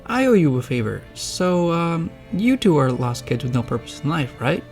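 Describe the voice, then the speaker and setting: A man's voice: fairly high pitch, sing-song, moderate pace, darkish tone, soft background music, pitched above the performer's own voice. A man voicing a sarcastic, impatient female bluebird in a narrated storybook, talking in a curt, exasperated way.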